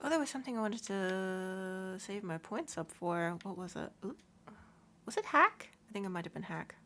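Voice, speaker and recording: A woman's voice: medium pitch, animated, moderate pace, sharp tone, slight background noise. A woman streaming a video game, chatting to herself and her pets, squealing and swearing as she plays. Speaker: let's play streamer. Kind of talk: casual gaming commentary.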